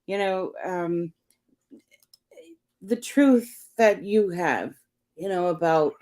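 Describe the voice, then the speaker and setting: An older woman co-hosting a live stream, talking in a halting way with many fillers. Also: lowish voice, dark tone. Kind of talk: casual live-stream chat.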